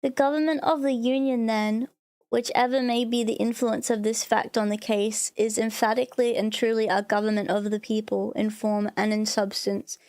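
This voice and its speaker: A woman's voice: a little high, little pitch movement, moderate pace, darkish tone. A woman streamer reading a historical text aloud on a livestream, earnest with small stumbles between chatty reactions.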